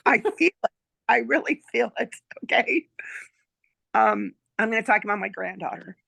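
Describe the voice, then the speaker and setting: Brief: gravelly-voiced woman in her sixties, chatty storyteller, dry close sound. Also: on the high side, moderate pace, sharp tone, dry recording. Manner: chatty, checks in with "okay?" and "right?". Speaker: client giving a testimonial. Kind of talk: casual storytelling chat.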